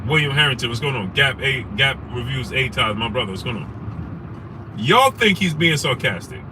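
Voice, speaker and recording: A man's voice: medium pitch, moderate pace. Ranting man in a noisy car. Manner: animated, ranting, repeats rhetorical questions. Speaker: sports talk show host. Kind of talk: casual live-stream commentary, reading chat names.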